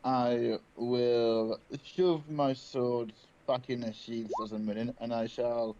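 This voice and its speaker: A British man takes his turn in a tabletop game, his speech slow and halting, filled with uhs. His voice comes through dull and lo-fi, with a faint hiss underneath. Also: mid-range voice, steady tone, dark tone. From Britain. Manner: slow and hesitant, many uhs. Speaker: player. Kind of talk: casual tabletop play. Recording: dull lo-fi sound, faint noise.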